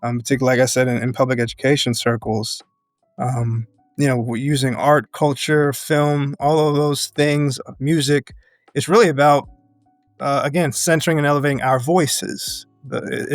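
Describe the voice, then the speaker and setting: An earnest man speaking as an interview guest, his voice sitting at a middle pitch for a man. He thinks aloud in measured, restarting phrases and breaks into laughter often. The sound is dry and close, with faint music under it. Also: flat delivery, no echo. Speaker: podcast guest, educator and activist. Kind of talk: reflective interview conversation.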